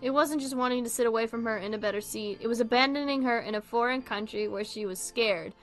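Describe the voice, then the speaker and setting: Swearing, animated young woman host. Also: on the high side, fast talker, faint music behind. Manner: animated, swears freely, laughs often. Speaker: video host reading online posts. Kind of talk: casual commentary.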